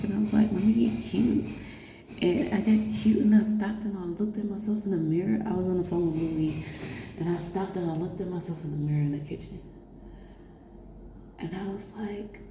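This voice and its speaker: Young adult woman, low gravelly voice, chatty confessional vlog, laughs often, echoey room with a hum behind her. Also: dark tone. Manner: chatty, rambling, laughs often, addresses viewers as y'all. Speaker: vlogger. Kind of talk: casual personal storytelling. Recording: echoey room with background noise.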